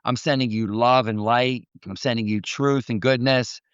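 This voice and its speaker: A man's voice: medium pitch, steady tone, normal speed, clear, resonant tone, no echo, muffled recording. A man hosting a mindset coaching podcast, telling stories in an earnest, preachy motivational talk.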